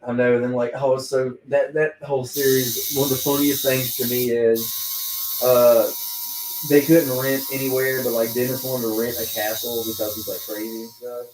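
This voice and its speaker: A man's voice: mid-range voice, normal speed, background noise. A man in a tattoo shop chatting casually and retelling comedy scenes with energy. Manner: animated storyteller who acts out the scenes. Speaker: tattoo artist. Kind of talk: casual chat while tattooing. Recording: echoey room, mic far off.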